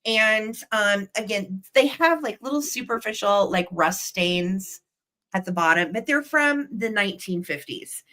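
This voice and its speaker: Bright, chatty woman hosting a live sale. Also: mid-range voice, lively intonation, unhurried, rough recording. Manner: chatty and effusive, talking straight to the chat. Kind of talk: live online sales pitch.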